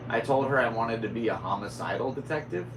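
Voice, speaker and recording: A man's voice: medium pitch, lively intonation, fast talker, noisy background. A young man hosting a casual solo podcast, rambling and scatterbrained as he chats. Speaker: podcast host.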